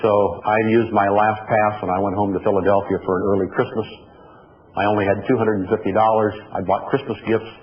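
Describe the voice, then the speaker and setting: Male motivational speaker, lowish voice, folksy storyteller; dull lo-fi recording in an echoey hall with faint noise. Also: flat delivery, brisk. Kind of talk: storytelling keynote speech.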